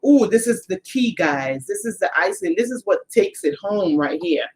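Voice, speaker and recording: A female co-host of a spiritual channel explains emphatically to viewers on a live stream, speaking straight to them. Her mid-range voice is expressive and a little mellow at a normal speed, with slight background noise.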